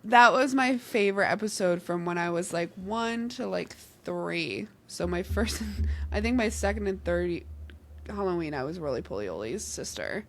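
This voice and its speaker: A woman's voice: on the low side, lively intonation, normal speed. A young woman from New Jersey with a noticeable New Jersey accent, chatting as a podcast co-host. She is talkative and giggly, and she slips into little performances whenever she quotes someone. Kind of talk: casual chat.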